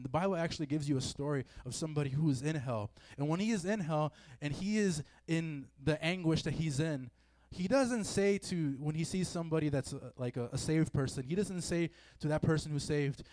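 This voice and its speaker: A man's voice: a little high, moderate pace, darkish tone, no echo. A man giving a casual sermon to a youth group in a meeting room, chatty and full of fillers. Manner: conversational, filler-heavy, acts out quoted feelings. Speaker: youth preacher. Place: meeting room with a live audience.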